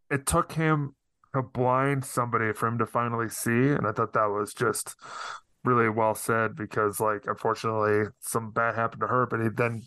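A man appearing as a guest on a film podcast, talking casually and thoughtfully about movies, often pausing and restarting his sentences. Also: mid-range voice, fairly bright tone, clear, resonant tone, no room sound. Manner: thoughtful, hesitant with many restarts.

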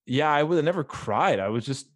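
A man's voice: a little high, expressive, fairly quick, no room sound. A young man in his twenties telling a story in casual chat, swearing freely, laughing mid-story and acting out what people said.

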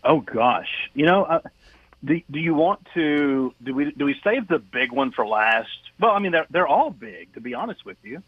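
A man's voice: fairly high pitch, lively intonation, normal speed, husky. A man hosting a casual interview, speaking hesitantly with stammered restarts. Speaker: host. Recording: tinny phone-line call.

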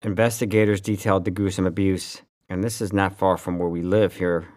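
A man co-hosting a casual podcast chat rants sarcastically and swears freely. His voice sits low and slightly mellow, with little pitch movement, and he talks fairly quickly in a profane, mocking style.

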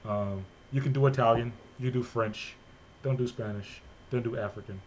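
A man's voice: mid-range voice, dull audio, slight background noise. A man hosting a podcast in casual, joking chat, recorded remotely. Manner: fast, animated, joking. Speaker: podcast host.

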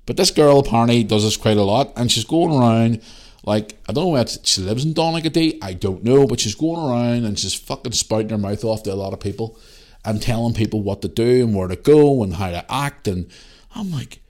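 A man's voice: medium pitch, fairly quick. A man, hosting a podcast and ranting in heated, swear-filled storytelling. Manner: heated storytelling, heavy swearing, animated re-enacted dialogue. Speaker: podcast host. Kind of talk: casual ranting monologue.

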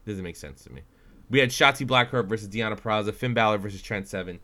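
A man's voice: on the low side, fast talker, bright, forceful tone. A man co-hosting a casual chat show, talkative and playfully teasing. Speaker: podcast co-host.

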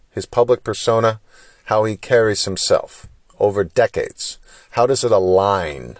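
A man's voice: fairly low pitch, no room sound, studio quality. A man hosting a solo podcast, talking through his frustration in a lecturing stream of rhetorical questions. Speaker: podcast host. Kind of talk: solo opinion monologue.

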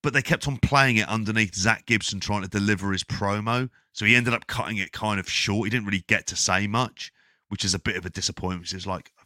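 A man co-hosting a casual wrestling podcast, talking in a sweary, rambling, animated way. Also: lowish voice, fairly quick, no room sound, studio quality. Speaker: podcast co-host.

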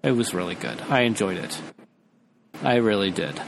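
Lively, excitable man chatting. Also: lowish voice, normal speed, creaky, noisy background. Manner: excitable and laughing often. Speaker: podcast co-host. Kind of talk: casual chat.

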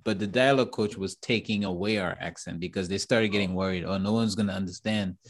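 A middle-aged man hosting a casual interview, relaxed and laughing along with his guest. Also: deep voice, quick pace. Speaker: interview host.

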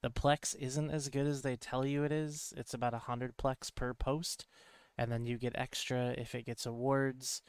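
Guy on a podcast call explaining stuff matter-of-factly, smooth clear voice, dry sound. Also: mid-range voice, level tone, moderate pace, dry recording. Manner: matter-of-fact, explains in detail. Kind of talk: casual podcast chat over voice call.

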